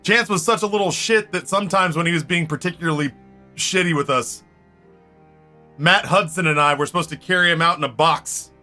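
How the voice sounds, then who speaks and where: Bright-voiced man telling a rowdy story. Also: a little high, fairly quick, faint music behind. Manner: animated, swears freely, laughs often. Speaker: streamer. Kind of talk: casual storytelling during a game stream.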